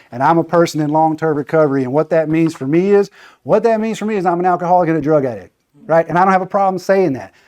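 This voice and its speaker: A man's voice: fairly high pitch, darkish tone. A man giving a casual training talk, chatty and conversational, often checking in with "right?". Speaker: training presenter.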